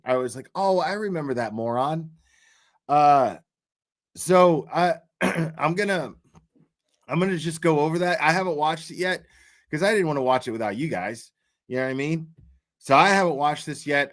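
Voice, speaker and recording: A man's voice: on the high side, fairly bright tone. A man hosting a casual livestream, rambling loosely with lots of fillers and easy laughs. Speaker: livestream host.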